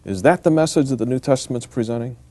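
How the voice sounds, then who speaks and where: A man's voice: medium pitch, fast talker, dark tone, no room sound. A middle-aged man hosting an interview, probing his guest with long, set-up questions. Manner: probing, sets up questions at length. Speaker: interviewer host.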